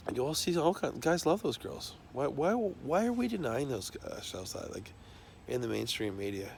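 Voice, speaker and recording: A man's voice: mid-range voice, big pitch swings, normal speed, creaky, slight background noise. A man talking in a loose, rambling monologue, swearing constantly and trailing off into fillers and restarts.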